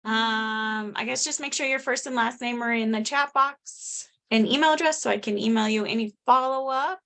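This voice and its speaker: A woman's voice: a little high, normal speed, vocal fry, fairly bright tone. A woman hosting an online meeting in a casual, friendly way. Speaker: meeting host. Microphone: video call.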